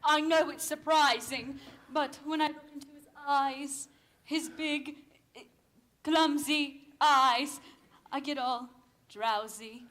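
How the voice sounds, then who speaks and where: A woman's voice: high voice, fairly even intonation, a bit bright. A teen girl playing a drowsy tipsy chaperone. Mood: droll. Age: young adult. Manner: slow, languid, droll. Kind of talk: high school musical stage acting.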